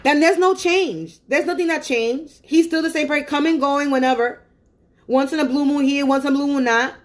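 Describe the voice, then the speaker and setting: A woman's voice: sits high, moderate pace. A woman on a phone livestream, venting angrily in a profane, repetitive rant. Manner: angry, profane and repetitive ranting.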